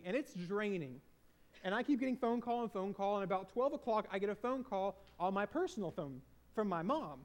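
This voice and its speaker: An earnest man with a fairly high voice tells a personal story to an audience. He speaks as a former hospital chaplain in a confessional tone and repeats phrases to drive points home.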